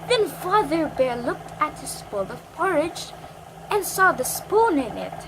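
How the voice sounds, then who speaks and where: A slow, lively woman reading a storybook. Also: sits high, very noisy. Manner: slow, expressive.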